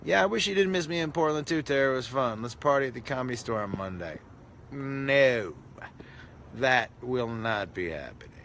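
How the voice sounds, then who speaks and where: A man's voice: mid-range voice, fairly bright tone, slight background noise. A man, a comedian, chatting casually on a live stream, reading comments with self-mocking, mock-indignant jokes.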